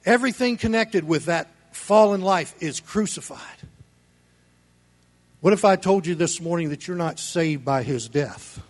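A high-voiced man preaching a sermon as a pastor. He talks bluntly and folksily, dropping into low murmurs and then climbing back up to loud, pressing exhortation. The tone is plain and direct. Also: lively intonation, a little slow, pauses often. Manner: preaching, voice rising and falling sharply between shouts and low murmurs; blunt, folksy delivery with casual contractions.

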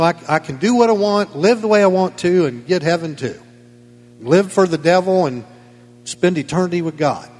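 A pastor preaching a sermon in a church, emphatic and folksy with chuckling asides. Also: male voice, fairly high pitch, long reverb tail. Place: church sanctuary.

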